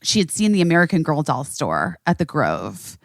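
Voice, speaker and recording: A middle-aged woman hosting a podcast, telling a story in casual chat, animated and swearing freely. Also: low-pitched, moderate pace, no room sound, clean studio sound. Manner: animated, swearing, acts out quotes. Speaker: podcast host.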